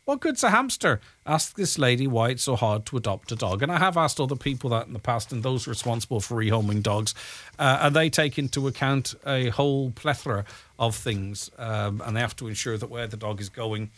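A man's voice: medium pitch, brisk, a bit bright. A man with a Donegal Irish accent presenting a radio show, chatting casually and reading out listener messages with plenty of ums and uhs. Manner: chatty and conversational, with frequent fillers.

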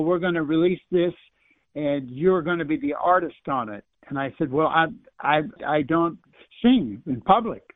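A man's voice: a little high, dry recording. An older man with a Californian American accent, born in Ireland, giving a rambling, hesitant phone interview with chuckles. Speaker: musician guest. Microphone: phone line. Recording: dry tinny phone line.

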